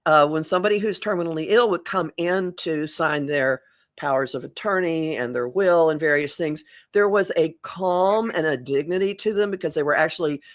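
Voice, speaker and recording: A woman's voice: deep voice, normal speed. Woman, middle-aged, astrologer guest, reflective, rephrases often. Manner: reflective, rephrases mid-thought. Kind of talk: casual conversational podcast.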